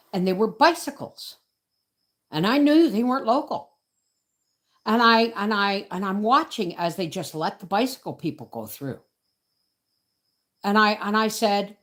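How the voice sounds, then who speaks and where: A woman's voice: medium pitch, fairly bright tone. A middle-aged woman telling a story as host of a homesteading channel, indignant and emphatic, often adding "right?" and "folks". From Canada. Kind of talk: storytelling livestream chat.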